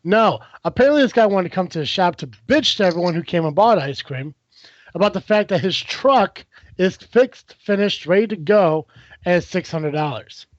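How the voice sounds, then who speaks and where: Guy with a kinda high voice telling a story on a podcast, swears a lot, does everybody's lines, dull dry audio. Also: normal speed, dry recording. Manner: profane, animated storytelling, acts out other people's lines. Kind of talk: casual podcast chat.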